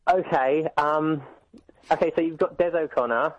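A man's voice: a little high, steady tone, moderate pace, no echo, low-quality recording. A man calling a radio phone-in, explaining a grammar point with many restarts and small laughs. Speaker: caller. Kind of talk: phone-in chat.

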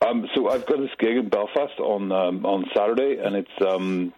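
A man's voice: on the low side, moderate pace, darkish tone. A man from Ireland calling a radio phone-in, chatting in a put-on cockney accent. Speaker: caller. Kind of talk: phone-in chat. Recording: dull lo-fi phone line.

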